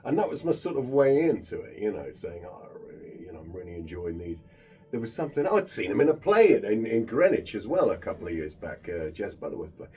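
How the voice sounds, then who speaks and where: A man guesting on a radio interview, talking fast and enthusiastically like a fan. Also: medium pitch, far from the mic. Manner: fast, animated, enthusiastic fanboy talk. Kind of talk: casual interview chat.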